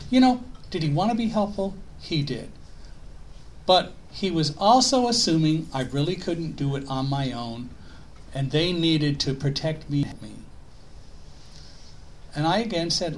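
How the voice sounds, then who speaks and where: A middle-aged man telling a story to an audience, animated and given to rhetorical questions. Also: on the high side, moderate pace, long pauses, a little hiss or hum. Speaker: speaker. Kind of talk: storytelling talk.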